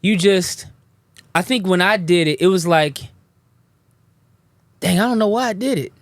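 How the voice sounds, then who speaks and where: A man hosts a loose, joking conversation. He is animated and laughs a lot, and his voice leaps high when he acts out what someone said. The sound is close and dry, with a slightly raised pitch. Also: a little slow, no echo. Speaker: host. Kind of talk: casual chat.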